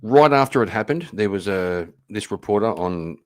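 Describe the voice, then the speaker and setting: A man hosts a stream and reacts to clips, talking bluntly and swearing. His voice is fairly low. He rambles and restarts as he thinks aloud. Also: animated, moderate pace. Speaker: stream host. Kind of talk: casual reaction commentary.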